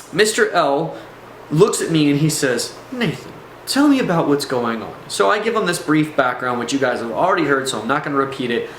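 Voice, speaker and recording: A man tells a personal story straight to his viewers in a loose, conversational way, wandering into asides and checking that they follow. His voice sits at an ordinary middle pitch. The room gives it a noticeable echo, with a faint hum underneath. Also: a bit bright. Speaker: storyteller recounting a personal experience. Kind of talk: casual first-person storytelling to camera.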